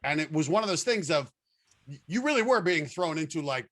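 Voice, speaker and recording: A man interviewing a colleague in a casual chat, halting with many restarts and repeated words. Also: on the high side, lively intonation, a bit bright.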